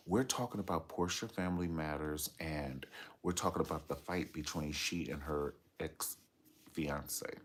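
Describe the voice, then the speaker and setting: A man's voice: rumbling low, unhurried, breathy edge. A man giving sassy, dramatic commentary on reality TV gossip, telling the story with playful asides.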